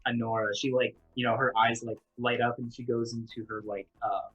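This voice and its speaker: A man's voice: mid-range voice, flat delivery, a little fast, a bit bright, husky, dull audio, soft background music. A man narrating as game master of a tabletop game, rambling with fillers and self-corrections.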